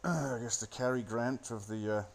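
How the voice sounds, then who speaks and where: A man's voice: medium pitch, steady tone, moderate pace, creaky, slight background noise. A man rambling into a phone, giving a sardonic, profane running commentary on a film. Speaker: solo commentator.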